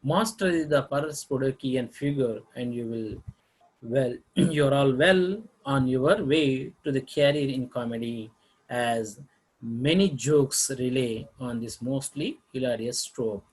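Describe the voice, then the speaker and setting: A man's voice: mid-range voice, slow pace, darkish tone, breathy edge, rough recording. A man teaching a lesson on figures of speech, reading examples aloud with frequent halts and restarts.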